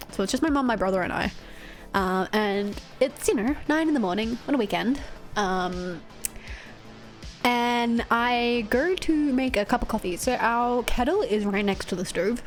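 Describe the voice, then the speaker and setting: High-voiced, animated woman streamer. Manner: animated, swearing, frequent "like" and "right?". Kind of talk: casual storytelling on a live stream.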